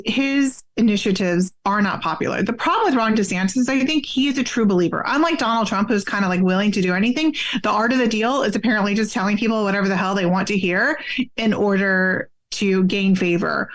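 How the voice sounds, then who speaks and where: A woman's voice: mid-range voice, fairly quick. An American woman speaking as a guest in a casual political chat, frank and candid, with casual fillers and the odd curse word. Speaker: podcast guest, activist.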